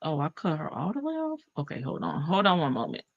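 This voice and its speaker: A woman's voice: low-pitched, huge pitch swings, fairly quick, vocal fry, no echo. A woman hosting a reaction stream, throwing in sarcastic, blunt commentary. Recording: muffled lo-fi stream audio.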